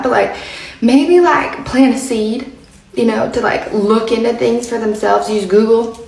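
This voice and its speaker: A woman telling a casual story in a chatty way and laughing often. Her voice has a gravelly edge. She sounds a little off the mic, in an echoey room. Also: on the high side, normal speed, recorded from a distance. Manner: chatty, laughs often, drops to a hush when quoting. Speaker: social media commentator.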